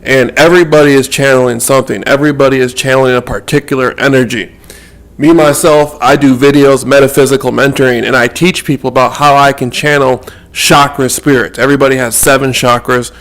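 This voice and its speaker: A man's voice: mid-range voice, steady tone, brisk, fairly bright tone, rough recording. A man talking to camera about his work as a metaphysical mentor, in a casual monologue that rambles and repeats words as he thinks.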